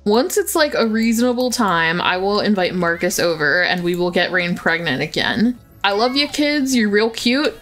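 A woman's voice: medium pitch, moderate pace, hardly any pauses, a bit bright. A woman giving casual, chatty commentary as she plays a life-simulation game, fond and talkative, full of filler words. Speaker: gaming YouTuber.

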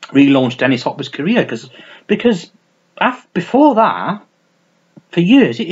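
A man talks unscripted to his camera from a small room at home, rambling, swearing freely and poking fun at himself. His voice is husky and swings widely in pitch. The home recording sounds dull and lo-fi. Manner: rambling, sweary, self-mocking, lots of restarts. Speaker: vlogger reviewing his film collection. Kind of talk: casual unscripted chat to camera.

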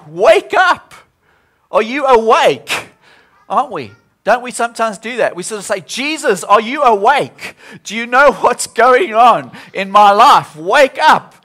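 A man's voice: fairly high pitch, fairly bright tone. A man preaching a sermon at a church service, earnest and often repeating himself as he restarts.

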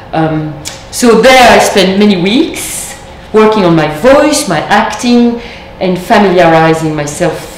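Woman lecturing in an echoey room. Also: lowish voice. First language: French. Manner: measured, thoughtful, with deliberate pauses. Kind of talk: reflective lecture. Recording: echoey room, faint background noise.

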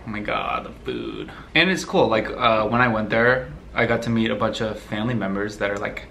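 A young man from the United States answering viewer questions in a relaxed, rambling way, laughing easily. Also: lowish voice, a little fast, gravelly, a little hiss or hum. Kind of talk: casual Q&A chat.

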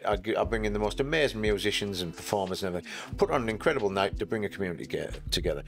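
A man's voice: lowish voice, lively intonation, quick pace, soft background music. A middle-aged man, telling stories in a chatty, self-mocking way as an interview guest. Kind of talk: casual storytelling.

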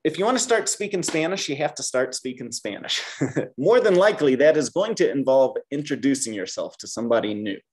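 A man with a mid-range, slightly mellow voice runs a beginner Spanish lesson at a brisk, animated clip. Upbeat throughout, he has the class repeat after him in call-and-response drills.

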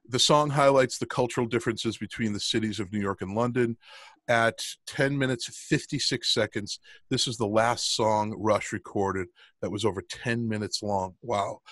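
A man's voice: lowish voice, a bit bright, dry recording. A middle-aged man co-hosting a podcast in casual chat, rambling with lots of ums and restarts. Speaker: podcast co-host.

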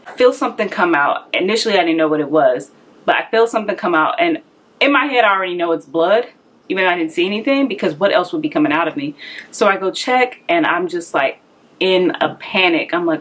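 A woman's voice: on the low side, a little fast. A young woman telling a personal story in a candid, conversational way, a little out of breath, acting out the voices she quotes. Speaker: vlogger.

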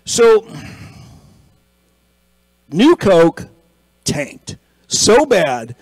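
A man's voice: high voice, wildly swooping pitch, drawn-out words, gravelly, a little mellow, no room sound, poor audio. A man preaching a conversational sermon, telling a story and acting out the people in it, then building to an emphatic exhortation. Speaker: pastor.

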